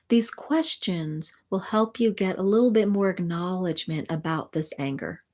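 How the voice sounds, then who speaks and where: A woman spiritual mentor and sound healer, talking gently and soothingly to viewers of a live stream. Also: on the low side, normal speed, hardly any pauses.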